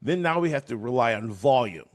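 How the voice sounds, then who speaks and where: Middle-aged male guest, chatty storyteller, animated, loose and filler-heavy. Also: medium pitch, brisk. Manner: animated, acts out voices, many fillers. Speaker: guest, trading educator. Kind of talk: storytelling in an interview.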